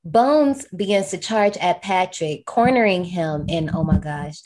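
A woman's voice: fairly low pitch, expressive, measured pace, a little mellow, a little hiss or hum. A woman co-hosting a podcast, recapping a horror film in a casual, slangy way and laughing often. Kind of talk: casual chat.

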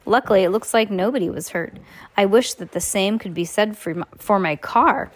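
A woman reading a prim, fussy gentleman. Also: medium pitch, normal speed, close to an everyday voice. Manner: prim, mildly scolding. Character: fussy, polite adult banker man.

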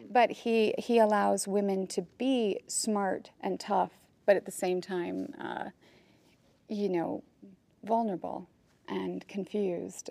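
A woman with a gravelly, fry-tinged voice answers interview questions. She tells stories with animated energy, moving between earnest reflection and playful retelling. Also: medium pitch, no echo. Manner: animated storytelling, laughs, imitates others. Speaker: actress in an interview.

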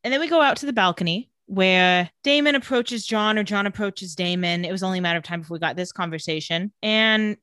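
A young woman chats casually as a podcast co-host, slipping into quick impressions of characters as she recaps. Her voice sits in an ordinary middle register, recorded close and dry with no room sound. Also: mid-range voice, a bit bright, clear, resonant tone, no echo. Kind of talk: casual chat.

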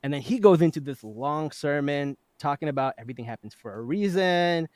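A man's voice: on the high side, animated, a little fast, a little mellow, no room sound. A man hosting a podcast, casually retelling a TV episode and laughing often as he goes. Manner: chatty, laughs often while retelling scenes. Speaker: podcast host.

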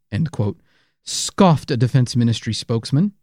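A man's voice: medium pitch, very animated, normal speed, mellow, no room sound, studio quality. A man co-hosting a true-crime podcast, narrating casually with playful jokes. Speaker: podcast co-host.

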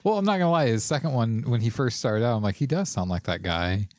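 A man's voice: medium pitch, lively intonation, quick pace, a little mellow, no room sound, clean studio sound. A man co-hosting a podcast who laughs often and hesitates over his words in casual banter. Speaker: podcast co-host.

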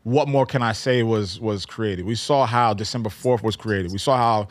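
A man's voice: on the low side, normal speed, dry recording. A man co-hosting a casual hip-hop chat, telling stories loosely and with lots of profanity. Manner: animated, profane, loose storytelling. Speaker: podcast co-host.

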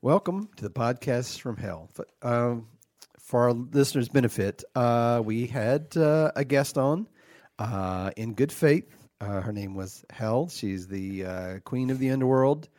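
A man's voice: mid-range voice, measured pace, darkish tone, no echo, clean studio sound, lightly acted. A man playing a petty, indignant devil who hosts a podcast from hell, talking in an aggrieved, flustered way full of false starts. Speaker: podcast host.

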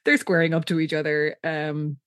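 A woman's voice: low-pitched, level tone, moderate pace, clear, resonant tone, no echo, studio quality. A woman co-hosting a podcast, chatting casually through a show recap, laughing often and acting out quotes. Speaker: podcast co-host.

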